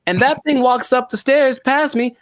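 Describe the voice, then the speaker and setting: A man co-hosting a casual podcast, rambling and animated with frequent laughter. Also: extremely high pitch, moderate pace, dry recording, studio quality. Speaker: podcast co-host.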